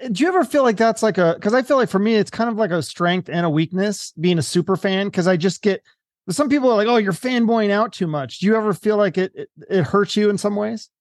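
A man's voice: high-pitched, fast talker, few pauses. A man hosting a casual interview, asking eager, fan-like questions and laughing easily. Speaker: podcast host.

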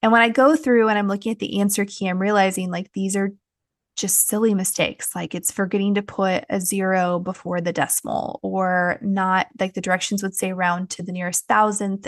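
A podcast host tells a personal story in a frank, chatty way, filling her speech with many fillers. Her voice is mid-range, and the recording is dry with clean studio sound.

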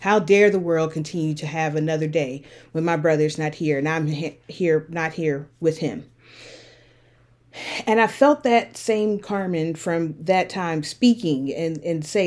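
A woman with a lowish voice hosts a solo podcast, speaking earnestly and reflectively. Her delivery turns impassioned and heated as she goes on. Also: normal speed, darkish tone. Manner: earnest, impassioned, rising to anger. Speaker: podcast host.

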